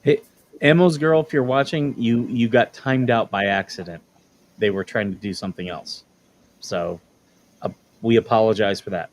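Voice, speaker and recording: A man with a lowish voice addressing livestream viewers matter-of-factly. His tone stays plain and unhurried. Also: slight background noise. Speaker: livestream co-host. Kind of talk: casual chat.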